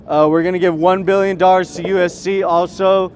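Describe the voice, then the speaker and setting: A man's voice: high-pitched, level tone, brisk, a little mellow, close to an everyday voice. A young man impersonating a boastful, blustering older male politician in a rambling voice.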